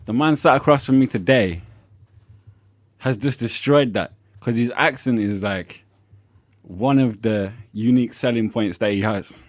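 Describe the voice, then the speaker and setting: A man hosting a casual interview, relaxed and easygoing, filling his talk with "like" and short "yeah" replies. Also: mid-range voice, a little slow, dry recording. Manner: relaxed, lots of "like" and "yeah" backchannels. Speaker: podcast host.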